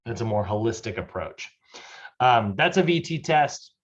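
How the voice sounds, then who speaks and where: A man's voice: on the low side, lively intonation, normal speed, lo-fi sound. A man teaching a personal fitness training class, speaking in a loose, chatty way with lots of fillers. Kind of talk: casual recorded class lecture.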